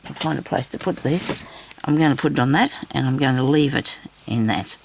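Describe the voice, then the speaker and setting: Gravelly, husky woman vlogger. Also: rumbling low, fairly quick. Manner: chatty, rambling, talks directly to viewers. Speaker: craft vlogger. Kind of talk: casual crafting demonstration.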